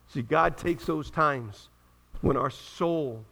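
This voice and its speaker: A man's voice: mid-range voice, measured pace, creaky, fairly bright tone. A male pastor preaching a fervent sermon, reading scripture and calling out to the congregation with rising and falling emphasis.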